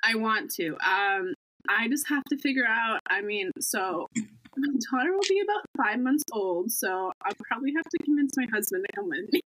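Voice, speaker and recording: A woman's voice: a little high, lively intonation, normal speed, fairly bright tone, low-quality recording. A young woman vlogger chatting casually and gushing as a fan, full of "like"s. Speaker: vlogger guest. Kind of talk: casual chat.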